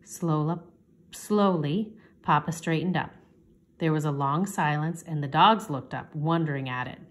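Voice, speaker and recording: A woman teacher reading a chapter book aloud to children, gently, lifting her voice for the children's lines. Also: low voice, unhurried. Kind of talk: storybook read-aloud.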